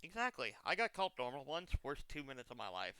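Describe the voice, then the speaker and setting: A man's voice: medium pitch, sing-song, fast talker, bright, forceful tone, clear, resonant tone. A young man chatting casually as a streamer, telling long comic stories with exaggerated quoted lines. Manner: rambling comic storytelling, exaggerated quoted voices. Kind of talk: casual chat.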